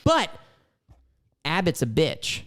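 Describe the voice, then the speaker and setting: A man's voice: a little high, wildly swooping pitch, slow, very noisy. A man co-hosting a podcast, talking in a laid-back, jokey, slangy way. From Florida. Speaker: podcast co-host. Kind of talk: casual chat.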